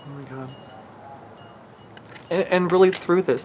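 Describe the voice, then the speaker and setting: A man's voice: high-pitched, unhurried, long pauses, a little hiss or hum. A man giving a channeled spiritual reading in an emotional, earnest way, rambling and restarting his sentences. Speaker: spiritual reader.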